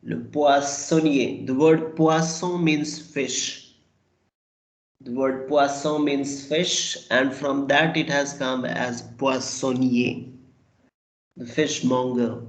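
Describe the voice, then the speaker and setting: A man teaches a language class at an unhurried, deliberate pace. He patiently repeats each word for his students. His voice rings in a noticeably echoey room. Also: medium pitch, fairly even intonation. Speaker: French teacher. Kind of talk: online language lesson.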